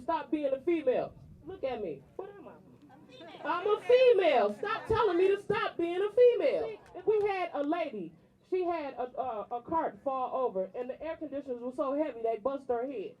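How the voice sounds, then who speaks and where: Fiery high-voiced woman at a rally. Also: dark tone, low-quality recording. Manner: indignant, emphatic, repeats phrases. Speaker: striking warehouse worker. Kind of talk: impassioned rally speech.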